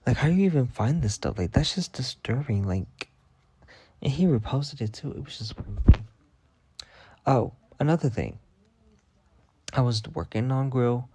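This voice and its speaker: A man's voice: mid-range voice, normal speed, breathy edge, dry recording. A young man telling stories in a casual vlog rant, profane and dramatic. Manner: profane, dramatic, animated retelling. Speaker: vlogger.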